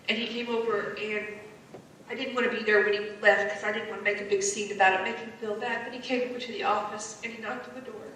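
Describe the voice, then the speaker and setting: A woman's voice: a little high, pushed and bright, slight background noise. A woman sharing an earnest personal story with a church congregation, retelling the dialogue, growing emotional and emphatic. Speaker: church member sharing a testimony. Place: church sanctuary. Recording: echoey church from a distant mic.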